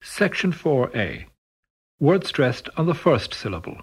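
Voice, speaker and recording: A man narrating a pronunciation course in a measured, scripted way, announcing sections and rules. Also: mid-range voice, very animated.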